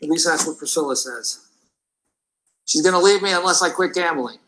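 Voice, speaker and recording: Man acting wry confessing gambler, bright sharp voice, slightly high. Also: normal speed, slight background noise, rough recording. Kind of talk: confessional monologue from a played clip.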